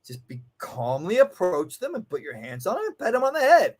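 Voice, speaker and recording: A man's voice: sits high, huge pitch swings, brisk, a little mellow, slightly rough. A man, a dog trainer and guest, telling stories in a casual, emphatic way with frequent swearing, acting out the voices he quotes. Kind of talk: animated storytelling in casual conversation.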